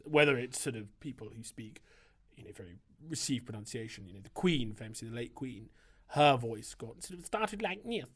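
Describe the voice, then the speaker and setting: A man who is a priest and writer, answering interview questions in a thoughtful, discursive way, with frequent hesitations and restarts. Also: mid-range voice. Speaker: priest and writer, podcast guest.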